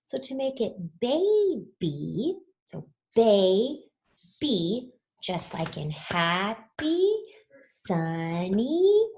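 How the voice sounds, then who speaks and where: A woman's voice: medium pitch, darkish tone, echoey room. A woman teaching a spelling lesson to children, patiently sounding words out letter by letter.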